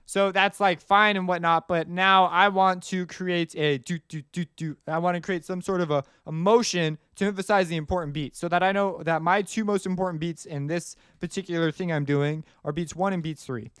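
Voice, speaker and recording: A man's voice: sits high, steady tone, normal speed, hardly any pauses, fairly bright tone, smooth, dry recording, studio quality. A man teaching music production in a casual, rambling way, often singing rhythms aloud as he explains. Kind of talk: screen-recorded tutorial explanation.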